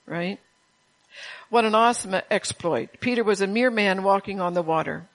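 A woman's voice: medium pitch, moderate pace, rough recording. A woman preaching a sermon to a congregation, folksy and chatty, with laughing asides and call-outs to the room.

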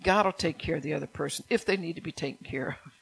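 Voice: medium pitch, fast talker, vocal fry, fairly bright tone, slightly rough, low-quality recording. A pastor in full sermon, pressing each point hard and repeating key lines to drive them home. The voice sits in a middle register and keeps turning to the congregation with questions and calls for an amen.

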